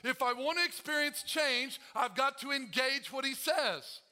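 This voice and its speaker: A man's voice: very high voice, measured pace, bright, forceful tone. A male pastor preaching a sermon to his congregation, calling out to them and acting out the prayers he quotes. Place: church.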